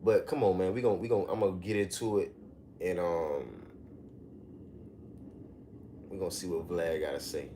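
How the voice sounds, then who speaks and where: Profane, animated man ranting on a livestream. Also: normal speed, pauses often, a little hiss or hum. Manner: animated, profane, mocking rants with sudden high-pitched outbursts. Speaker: livestream host. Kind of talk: casual livestream commentary.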